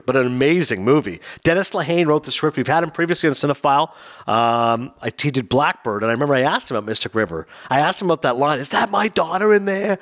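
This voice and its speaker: Fast, lively male podcast host. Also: mid-range voice. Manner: animated, quick storytelling with voiced quotes. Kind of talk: casual chat.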